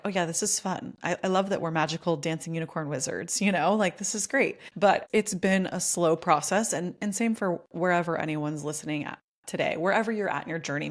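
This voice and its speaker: A woman hosting a podcast, chatting casually with many filler words and laughing asides. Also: fairly low pitch. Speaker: podcast host.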